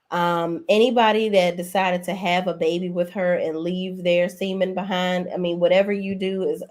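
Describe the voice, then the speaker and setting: A woman's voice: mid-range voice, normal speed, few pauses. A woman hosting a casual gossip commentary show, talking in a sassy, blunt, exclaiming way. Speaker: host.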